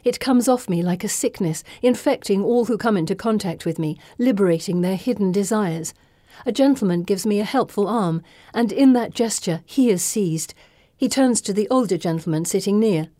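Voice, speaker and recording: A woman reading a first-person novel with measured, dramatic narration. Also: medium pitch, dark tone, no echo, clean studio sound. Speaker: audiobook narrator.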